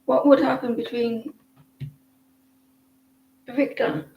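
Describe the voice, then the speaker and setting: A woman's voice: fairly high pitch, flat delivery, slow, creaky, muffled recording. Chatty woman tarot reader, echoey room. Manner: rambling and chatty, with frequent restarts. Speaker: tarot reader hosting a live stream. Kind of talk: casual live-stream chat with viewers.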